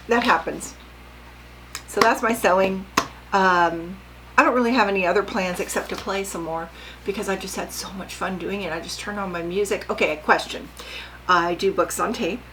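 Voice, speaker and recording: An older woman vlogs casually about her sewing in a medium-pitched, fairly bright voice with fairly even intonation and a moderate pace. She's chatty and rambling and often asks her viewers questions, over slight background noise on a rough recording.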